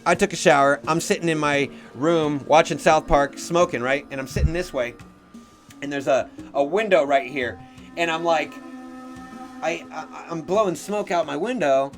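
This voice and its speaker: A young man with a fairly high voice tells a rambling story, swearing constantly and veering off on tangents. He breaks into loud, animated outbursts when he quotes himself. Faint music plays behind him. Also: normal speed. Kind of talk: casual storytelling.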